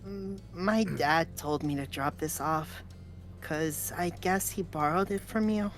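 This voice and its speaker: A shy, withdrawn boy from a story game, voiced by a woman. He speaks quietly and slowly, mumbling with hesitation. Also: deep voice, faint music behind.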